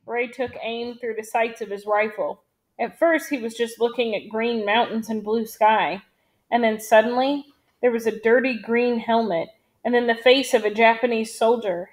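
A woman reading a novel aloud in a steady, measured storytelling manner. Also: fairly high pitch. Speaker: audiobook reader.

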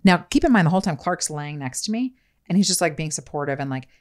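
Woman in her thirties, low voice, quick pace, animated storytelling, swears freely, acts out voices. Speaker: podcast co-host telling a birth story. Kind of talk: casual chat.

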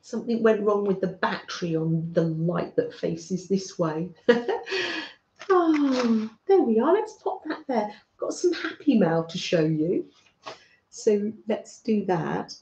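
British woman, craft-stream host, unhurried friendly chatter, roomy slightly muffled home recording. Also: mid-range voice, lively intonation. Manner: warm, chatty, talks to viewers by name, frequent soft laughs. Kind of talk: chatty live craft stream, greeting viewers. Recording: roomy, slightly dull sound.

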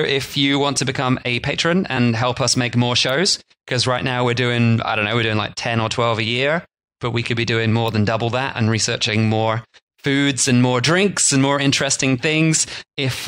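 A man co-hosting a casual podcast, his voice sitting at an ordinary middle pitch. He talks in a loose, jokey, rambling way and now and then slips into silly voices. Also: a bit bright. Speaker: podcast co-host. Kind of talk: casual chat.

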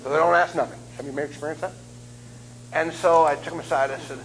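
Give me a joking man in his fifties preaching a lively sermon in a somewhat high voice. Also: fast talker, slight background noise, rough recording. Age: 50s. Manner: joking, animated, self-deprecating. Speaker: guest preacher. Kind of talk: humorous sermon storytelling. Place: church sanctuary.

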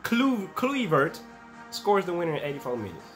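A young man reacting to sports clips in a loose, slangy way, his voice climbing and dropping all over as he gets hyped. His pitch sits a little high for a man. Faint music plays underneath. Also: normal speed. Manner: excitable, slangy, shouts and laughs at highlights. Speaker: reaction video host. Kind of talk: casual reaction commentary.

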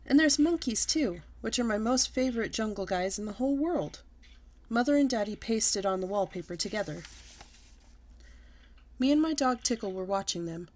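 A woman storyteller reading a children's book aloud with expressive, lively delivery. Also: fairly high pitch, normal speed.

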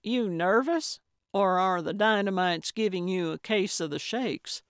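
A grumpy older lady with a walker, sharp-tongued and jealous, as a woman narrator puts her on. She bites off her words in short, grudging replies, slow and deliberate. The sound is dry and close, like a storybook recording. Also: medium pitch, clear, resonant tone, no room sound, lightly acted. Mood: teasing. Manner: curt, snippy, grudging. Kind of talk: audiobook character voice.

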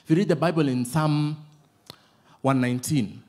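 A man with a Kenyan accent preaching a sermon, telling lively, playful stories and switching often between English and Swahili. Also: fairly high pitch, normal speed. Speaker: pastor.

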